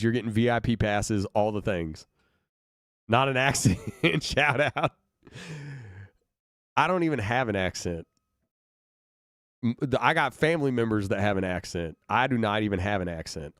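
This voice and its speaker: A man's voice: medium pitch, no room sound, clean studio sound. A man from Brooklyn, a band musician, chatting casually with viewers on a livestream, laughing often. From Brooklyn, New York. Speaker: band musician streaming reactions.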